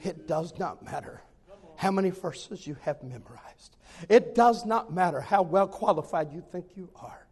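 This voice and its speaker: A man preaching a sermon and telling a personal story in an animated way, repeating phrases for emphasis. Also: high-pitched, normal speed, slightly rough, big-room sound.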